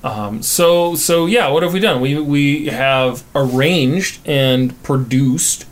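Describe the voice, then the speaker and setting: A man's voice: mid-range voice, slow. A Canadian man co-hosting a casual chat about recording cover songs, rambling with fillers and restarts. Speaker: podcast co-host.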